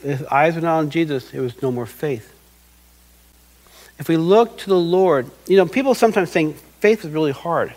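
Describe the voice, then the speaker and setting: A man's voice: fairly high pitch, moderate pace, darkish tone, low-quality recording. A middle-aged man preaching a sermon as pastor, earnest and acting out quoted voices.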